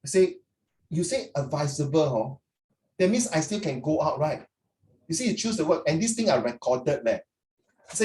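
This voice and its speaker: A middle-aged man with a Singaporean English accent, giving chatty, lively feedback to students in an online class and mixing in Chinese phrases. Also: high-pitched, moderate pace, long pauses. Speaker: tutor. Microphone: computer mic on a video call. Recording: echoey room.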